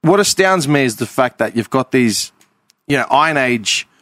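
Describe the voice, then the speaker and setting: A man rants about his opinions on a podcast, often tagging on "man" and "right?". His voice sits at a middle pitch but swings widely, and the recording is dry and close. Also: lively intonation, moderate pace, a bit bright, no room sound. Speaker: podcast host. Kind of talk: casual chat.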